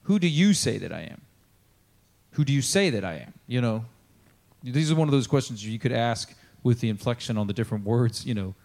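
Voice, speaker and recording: A man's voice: medium pitch, lively intonation, fairly quick, vocal fry, a little mellow. An American man preaching a sermon as a pastor, in a casual, conversational style full of fillers, often acting out the dialogue of Bible figures.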